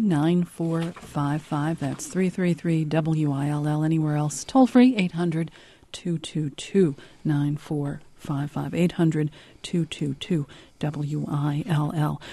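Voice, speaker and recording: Woman, radio host, low mellow voice, steady delivery. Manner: steady, reads out phone numbers. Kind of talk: radio call-in hosting.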